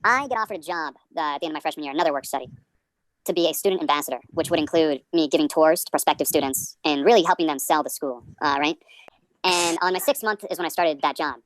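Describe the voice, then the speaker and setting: A man's voice: fairly high pitch, fast, fairly bright tone, no echo. A male comedian in his twenties hosting a podcast, rambling through tangents in a self-deprecating way.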